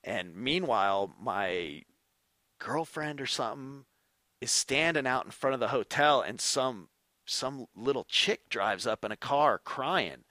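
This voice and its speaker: A middle-aged man, a former motocross racer, telling stories as a podcast guest in an animated way and swearing freely. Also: medium pitch, unhurried, no echo. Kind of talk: casual storytelling.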